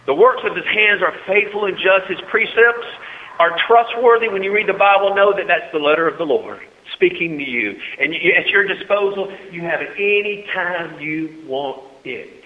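A man preaching a sermon to a congregation, swinging between soft asides and loud, high-pitched exhortation and calling for amens. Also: expressive, moderate pace. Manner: talks with the congregation, calls for amens. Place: church hall. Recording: tinny phone-like recording in a reverberant hall.

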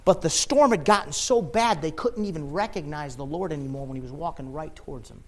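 A man preaching a sermon with passion, rising to loud shouts and dropping to quiet, low lines. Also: a little fast. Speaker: pastor.

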